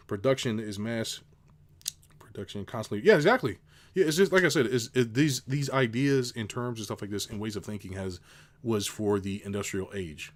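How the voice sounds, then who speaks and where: A man's voice: fairly low pitch, moderate pace. A middle-aged man, a business coach, ranting casually to his viewers, swearing and mocking others. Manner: ranting, swears, mocks people in put-on voices. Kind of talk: unscripted rant to camera.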